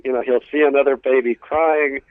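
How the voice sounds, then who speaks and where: A stand-up comedian from New York City with a New York accent, telling family stories in a casual interview, full of restarts and acted bits. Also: male voice, medium pitch, steady tone, a little fast, no room sound. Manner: storytelling with acted family voices, many restarts. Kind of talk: casual radio interview chat. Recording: tinny phone line.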